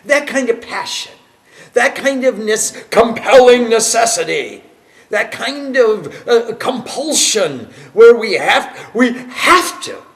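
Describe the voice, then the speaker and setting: Very high, slow-talking male spiritual teacher. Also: gravelly. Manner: animated and emphatic, laughing as he tells stories. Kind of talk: devotional class lecture with storytelling.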